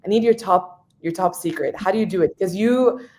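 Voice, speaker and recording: A woman's voice: medium pitch, fairly quick, darkish tone. A woman hosting an interview, asking eager questions in a chatty way with plenty of fillers. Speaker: host interviewer. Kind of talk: conversational interview.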